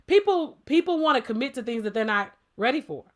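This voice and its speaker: A woman co-hosting a casual podcast debate talks emphatically and playfully, firing off rhetorical questions. Her voice is high-pitched, animated and fairly quick.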